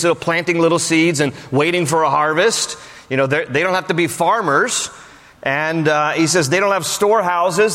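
A man preaching a sermon as pastor, animated and jokey, often pushing his voice up for emphasis. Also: a little high, in a large hall.

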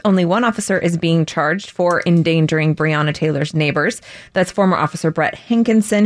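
Woman doing the news bit on a radio show, lowish voice, dry close mic, reads then chats. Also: dry recording. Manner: reads headlines, then chats plainly with fillers. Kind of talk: reading news on talk radio.

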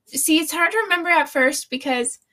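A woman's voice: high-pitched, a little fast, pushed and bright. A young adult woman co-hosting a casual book chat, talking in a chatty way, swearing freely and laughing often. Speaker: podcast co-host.

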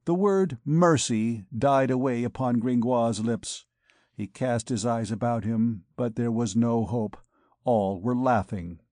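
A man narrating a classic novel in a steady, measured reading voice. The sound is close and dry, with a mid-pitched tone typical for a man. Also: no echo. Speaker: audiobook narrator. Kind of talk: scripted narration.

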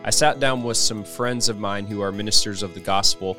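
A man's voice: on the low side, a little fast, pushed and bright. Upbeat male host over guitar music. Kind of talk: scripted show introduction. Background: plucked guitar music.

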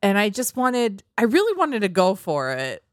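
A woman's voice: mid-range voice, huge pitch swings, moderate pace, no room sound, studio quality. A young woman from the United States, chatting casually and giggling, using "like" a lot. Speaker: podcast co-host, songwriter. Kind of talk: casual chat.

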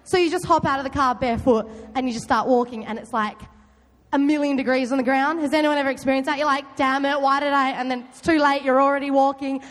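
A young woman giving a loud, chatty youth talk, often quizzing her audience. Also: sits high. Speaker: youth group speaker. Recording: long hall reverb.

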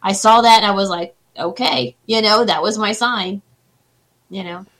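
A woman with a mid-pitched voice that has a bright, forceful edge. As a guest who does psychic readings, she talks in a chatty, reassuring way, keeping the conversation light. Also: normal speed, low-quality recording. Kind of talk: casual interview chat.

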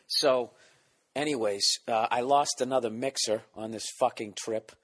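A man's voice: steady tone, a little slow. A man hosting his podcast, rambling comedically with lots of swearing and self-mockery, keeping his voice down at times. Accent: Boston. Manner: profane, self-mocking, jumps into silly voices; keeping voice down, quiet and low at times. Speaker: podcast host.

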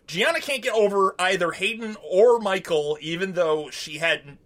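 A man's voice: high voice, expressive, moderate pace, fairly bright tone. A man co-hosting a podcast, recapping a show in casual, profane, rambling chat and acting out quotes. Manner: rambling, profane, acts out quotes in silly voices. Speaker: podcast co-host.

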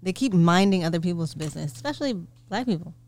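Woman co-host with a lowish voice, calm and opinionated, speaking casually. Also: fast talker, dry recording. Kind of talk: casual chat.

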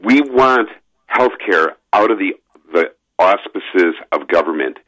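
A man calling in to a talk radio show, talking in an animated, emphatic way over a phone line. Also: low voice, slow pace. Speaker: caller. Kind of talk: political call-in radio talk.

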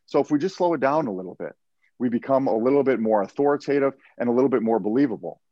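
Negotiator guest: steady, explanatory man, dry close sound, a bit dull and lo-fi. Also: medium pitch, no room sound. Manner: measured, explanatory, repeats words at starts of phrases. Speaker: hostage negotiator and professional speaker. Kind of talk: podcast interview.

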